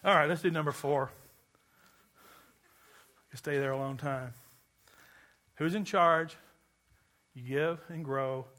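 A man from Kentucky delivers a sermon in church. His voice sits high and sounds bright and forceful. He is animated and jokes with the congregation. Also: slow pace, long pauses, slight background noise. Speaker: pastor.

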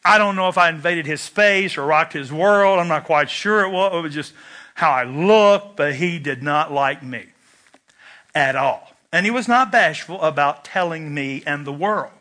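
A man's voice: on the high side, normal speed. A man preaching a sermon, telling a personal story and acting out its lines. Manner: animated storyteller, shouts quoted lines. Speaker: pastor.

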